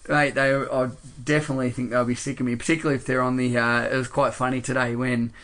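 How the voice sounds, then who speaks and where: A man's voice: medium pitch, level tone, fast talker, a bit bright. A man with a quite Australian accent, a podcast guest chatting casually and rambling with lots of fillers and "mate". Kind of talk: casual interview chat. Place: indoors after a workshop, late at night.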